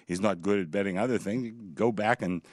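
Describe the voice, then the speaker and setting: A man's voice: fairly low pitch, darkish tone, dry recording. A man who directs a sportsbook, speaking firmly and matter-of-factly as a guest. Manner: measured, firm, matter-of-fact. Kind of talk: radio guest interview.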